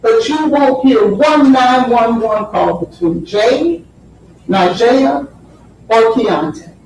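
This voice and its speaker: Brief: female defense attorney, high voice, unhurried and pointed, heard from across a booming courtroom. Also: expressive, a little mellow, a little hiss or hum. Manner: deliberate, emphatic, repeats phrases for effect. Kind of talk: courtroom opening statement. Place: large courtroom. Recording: very echoey courtroom audio from far off.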